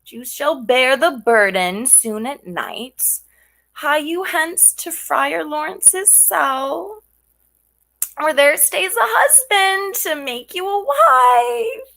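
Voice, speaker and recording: A woman's voice: very high-pitched, slow pace, creaky, fairly bright tone, exaggerated voice. A woman playing a garrulous old nurse in a Shakespearean stage drama, rambling and theatrical. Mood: teasing. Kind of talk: Shakespearean stage acting over video call.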